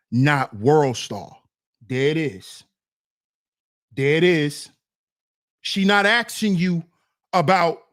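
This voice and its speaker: Laid-back guy reacting to clips, big swings in his voice, drawls slow and keeps laughing. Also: fairly high pitch. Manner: animated, laughs often, speaks to "fellas". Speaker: online commentator reacting to clips. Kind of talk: casual reaction commentary.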